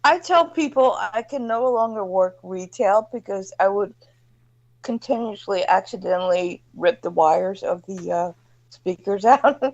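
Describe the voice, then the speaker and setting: A woman guest on a talk show, chatting casually and often pausing to search for words. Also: mid-range voice, darkish tone. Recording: dull lo-fi audio.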